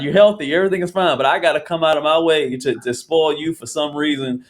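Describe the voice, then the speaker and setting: A man hosting a casual podcast discussion, talking in an animated, rambling way with many restarts. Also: on the high side, quick pace. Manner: animated, rambling, restarts often, acts out quotes. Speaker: podcast host.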